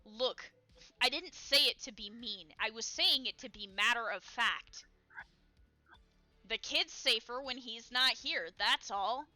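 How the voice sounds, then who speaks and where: A woman's voice: on the high side, a little slow, pushed and bright, no room sound, faint music behind. A woman voicing a haughty, sarcastic male character who mutters blunt remarks. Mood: matter-of-fact.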